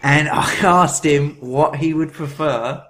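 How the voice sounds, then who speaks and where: A man's voice: on the high side, slow, fairly bright tone. A man co-hosting a podcast, chatting casually and rambling, correcting himself as he goes. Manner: rambling, self-correcting, laughs while telling. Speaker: podcast co-host. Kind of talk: casual chat.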